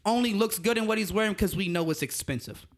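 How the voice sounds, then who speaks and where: Blunt young man, slightly high voice. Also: lively intonation, fast talker. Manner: opinionated, blunt, heavy slang and swearing. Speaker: podcast co-host. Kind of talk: casual chat.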